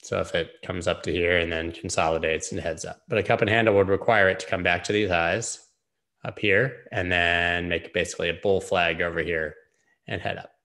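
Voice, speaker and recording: Male streamer host, deep voice, casual chart talk, jokey and rambling. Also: level tone, vocal fry, bright, forceful tone. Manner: joking, rambling, quick asides.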